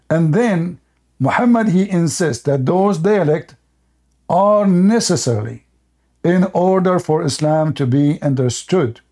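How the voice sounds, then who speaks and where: High-pitched combative man debating. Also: warm tone. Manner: combative, mocking, rapid-fire. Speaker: debate host. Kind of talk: heated online debate.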